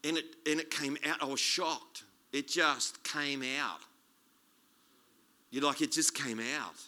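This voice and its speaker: A man preaching a sermon as a guest speaker, chatty and animated, joking and restarting his sentences. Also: a little high, slow. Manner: animated, conversational, jokey preaching with many restarts.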